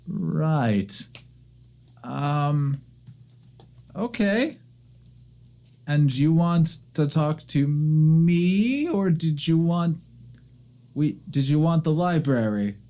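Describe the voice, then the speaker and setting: A stern old woman who keeps a temple, as a man puts her on speaks clipped and curt. Her voice is pitched somewhat higher than the performer's own, with a firm edge. This is a tabletop game voice. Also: lively intonation, very slow, pauses often, mellow, exaggerated voice. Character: older woman temple keeper, late sixties, stern.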